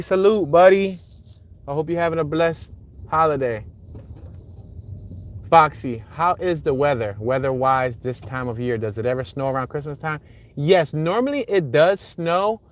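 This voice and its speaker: A man hosting a live driving tour, chatting casually and reading out viewer comments as he goes. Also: on the high side. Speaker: livestream host driving a neighborhood tour. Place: inside a car on city streets.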